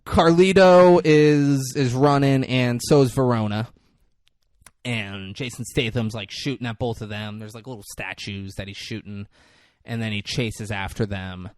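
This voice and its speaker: A man hosting a podcast, recapping a movie in a casual, animated, profane way and laughing often. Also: medium pitch, measured pace, dry recording, clean studio sound. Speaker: podcast host.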